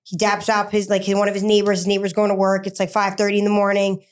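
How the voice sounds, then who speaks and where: Her voice is smooth, medium-pitched, and monotone as she recounts a personal experience during an interview. She speaks haltingly, with frequent fillers, false starts, and hurried bursts.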